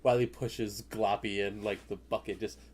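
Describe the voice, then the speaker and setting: A man playing a tabletop game, speaking in a hesitant, halting way. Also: on the low side, flat delivery, darkish tone. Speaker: player.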